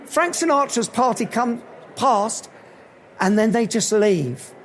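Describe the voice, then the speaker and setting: A man giving a live motivational talk at an event, telling animated anecdotes. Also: very high-pitched, takes it slowly, a little hiss or hum. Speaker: motivational speaker.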